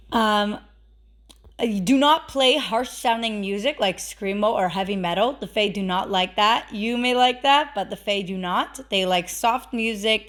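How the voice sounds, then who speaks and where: A woman's voice: mid-range voice, fairly bright tone. A woman hosting a casual instructional vlog, chatty, with lots of fillers and emphatic repeated warnings. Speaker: witchcraft video host.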